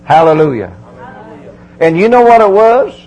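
Middle-aged male preacher, high voice, homespun and insistent sermon delivery. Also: big pitch swings, a little slow, darkish tone, lo-fi sound. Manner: folksy, emphatic preaching with repeated phrases.

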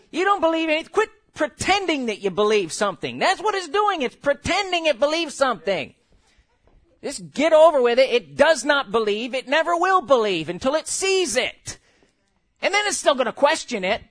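Lively high-voiced preaching pastor. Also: male voice. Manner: animated preaching with sudden shouts and laughter; slow, drawn-out scripture reading. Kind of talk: sermon.

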